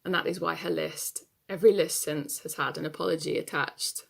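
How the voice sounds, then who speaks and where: A woman's voice: sits low, steady tone, brisk, gravelly, heavily acted. A woman performing a stage monologue as an adult daughter anxious about her aging parents, telling her story in a wry, confessional way. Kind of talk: theatre monologue.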